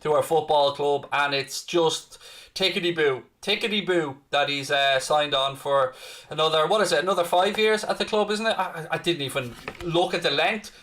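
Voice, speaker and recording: A man's voice: on the high side, moderate pace, fairly bright tone. A man hosting a live fan stream, chatting in an upbeat, chatty way and reading out viewer comments. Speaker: fan channel host.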